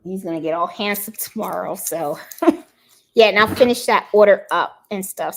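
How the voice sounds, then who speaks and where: The host of a craft channel, a woman from Puerto Rico, chats casually on a livestream and greets each viewer by name as their comments come in. Her gravelly, medium-pitched voice moves at a normal speed over slight background noise.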